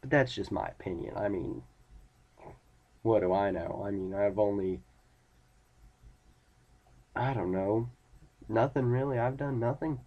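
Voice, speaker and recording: A man's voice: fairly low pitch, unhurried, pauses often, lo-fi sound. A teenage boy ranting casually to camera, rambling and irritated, retelling conversations with friends. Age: teens. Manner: rambling, irritated, talks in retold dialogue. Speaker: vlogger.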